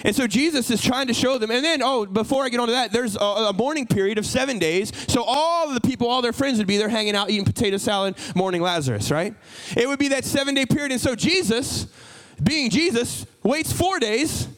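A man preaching a sermon in a very high voice. He is animated and keeps slipping into acted-out dialogue. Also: a little fast, rough recording. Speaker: pastor.

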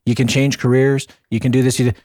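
A man co-hosting a podcast in casual chat, emphatic and repeating phrases for effect, his voice a little hoarse. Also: mid-range voice, little pitch movement, a little fast, darkish tone, no room sound, clean studio sound. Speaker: podcast co-host.

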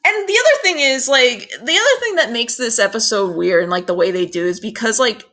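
A woman's voice: on the high side, lively intonation, fairly quick, sharp tone. A woman co-hosting a casual recap podcast, chatty and full of fillers, laughing often. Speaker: podcast co-host. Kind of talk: casual anime recap chat.

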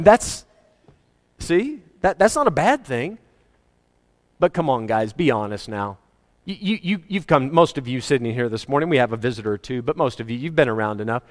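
A man preaching a sermon to his congregation, emphatic and animated, with joking asides. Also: fairly high pitch. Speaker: pastor. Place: church hall. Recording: reverberant church hall.

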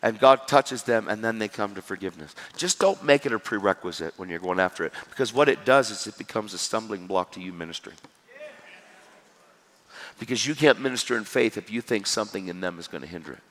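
A man's voice: on the low side, lively intonation, fairly quick, a bit bright. A man preaching a sermon, telling stories animatedly and acting out the dialogue. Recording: hall reverb with crowd.

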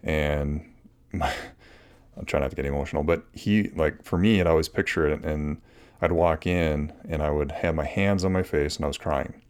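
Very deep-voiced earnest podcast host. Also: male voice, fairly even intonation, moderate pace, smooth. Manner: earnest, rambling with frequent restarts and fillers. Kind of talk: casual solo podcast advice.

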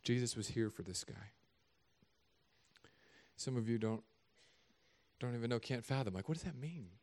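A middle-aged man, a pastor, preaching a sermon in an animated, conversational, joking way. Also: medium pitch, a little slow.

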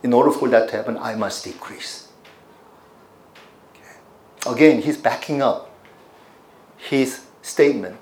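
A man's voice: medium pitch, measured pace, pauses often, a little mellow, roomy sound. A man pastor preaching a teaching sermon, putting questions to his congregation as he explains scripture.

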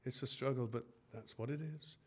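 A man's voice: medium pitch, steady tone, a little fast. A man preaching a sermon in an earnest way, often hesitating and rising in force on key phrases.

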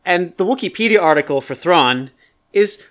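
A man's voice: on the high side, animated, brisk, fairly bright tone. A man co-hosting a podcast, playfully explaining trivia at length in casual chat. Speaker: podcast co-host.

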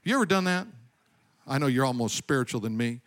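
A man's voice: mid-range voice, expressive, a little fast. Emphatic middle-aged male pastor preaching. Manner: storytelling preacher, rising to loud emphatic calls. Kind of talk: sermon.

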